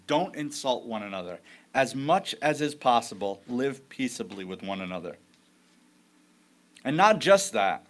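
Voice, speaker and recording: A man's voice: mid-range voice, fairly bright tone. A man preaching a sermon as pastor, in a conversational storytelling way with frequent restarts.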